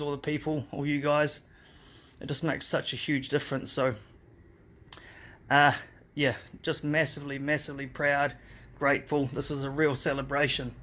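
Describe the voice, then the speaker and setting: A man talking from a hospital room in a live phone stream, heartfelt and emotional, pausing and restarting often. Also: mid-range voice, a bit bright. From New Zealand. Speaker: father recovering from a car crash.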